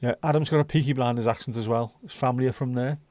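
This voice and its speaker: A Scouse livestream host from Liverpool talks quickly in a medium-pitched, darkish voice with fairly even intonation. The recording is dry, and his casual chat rambles along with free swearing.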